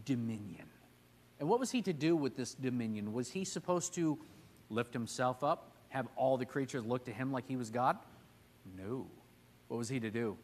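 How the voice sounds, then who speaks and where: A man in his thirties leading a church Bible class in a relaxed, conversational way, putting questions to the group. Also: mid-range voice.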